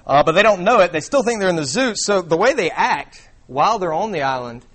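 A man's voice: high-pitched, expressive, fairly quick, fairly bright tone. A young man preaching a sermon to a congregation in a casual, conversational way with many fillers. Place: church before a congregation.

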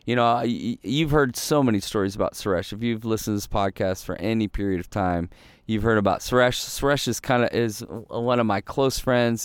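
A man's voice: fairly low pitch, clean tone, no room sound. A man hosting a devotional podcast, talking in an earnest, rambling way with frequent restarts and repeats. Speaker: podcast host and pastor. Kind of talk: casual devotional podcast talk.

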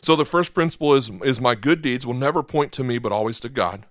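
A man's voice: mid-range voice, fast, no echo, studio quality. A man, a pastor, preaching a conversational sermon and checking in with his listeners. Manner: conversational, asks the congregation for agreement.

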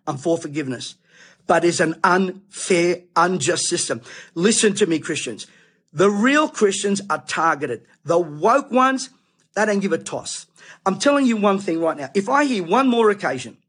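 A man's voice: sits high, fairly bright tone, slightly rough. A middle-aged Australian man, a preacher, ranting indignantly in an impassioned monologue.

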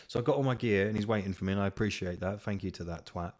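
A man's voice: lowish voice, rapid-fire, few pauses, darkish tone. A young man hosting a solo podcast, telling stories in a chatty way and swearing freely. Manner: chatty storytelling with swearing and laughs. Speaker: podcast host. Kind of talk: casual solo podcast chat.

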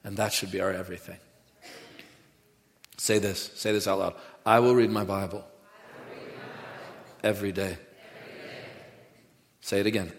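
A man's voice: fairly low pitch, normal speed, long pauses. A man preaching a sermon with emphasis, leading the congregation in call-and-response. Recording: echoey hall with long reverb.

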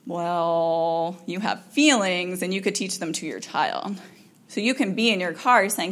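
A woman counselor giving an informal talk to parents, chatty and animated, with frequent ums and laughs, acting out what parents and children say. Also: mid-range voice, normal speed. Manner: animated, acts out quoted parent and child lines.

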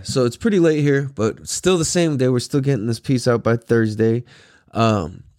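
A man's voice: mid-range voice, a little mellow, no echo, studio quality. A tired young man hosting his own podcast, rambling in a laid-back way with lots of swearing, fillers and laughs. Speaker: podcast host. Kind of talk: casual solo podcast monologue.

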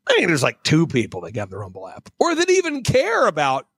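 A man with a high, swooping voice makes his case as a talk-show guest. He sounds emphatic and preachy, tumbling over repeated words. His voice is close and dry, with no room sound. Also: wildly swooping pitch, a little fast, a bit bright, slightly rough, no echo. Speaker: guest commentator. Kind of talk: animated talk-show commentary.

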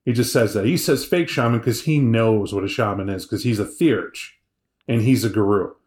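A man's voice: on the low side, normal speed, a little mellow. Podcast guy driving home his points, keeps saying right?, echoey room. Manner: emphatic, tags points with "right?". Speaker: podcast co-host. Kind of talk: casual review chat.

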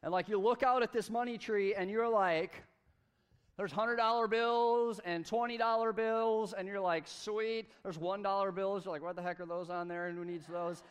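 A man preaching a sermon at a church service, energetic and conversational, with playful asides. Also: high-pitched, moderate pace, smooth. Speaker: pastor.

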